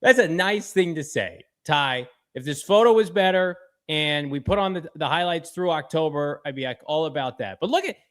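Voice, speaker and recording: A man co-hosting a sports talk show, joking and animated, with sudden jumps in pitch. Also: moderate pace, few pauses.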